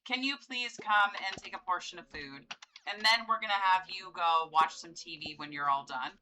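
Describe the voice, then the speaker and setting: A woman's voice: lowish voice, normal speed, bright, forceful tone, slight background noise, low-quality recording. A woman giving casual gameplay commentary, chatty and coaxing as she pleads with her game characters. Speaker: gameplay video host.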